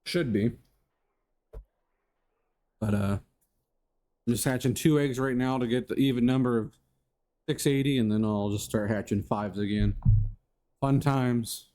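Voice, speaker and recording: A man's voice: mid-range voice, measured pace, pauses often, darkish tone. A man streaming live and hosting his channel, chatting casually in a rambling, goofy way and greeting viewers by name.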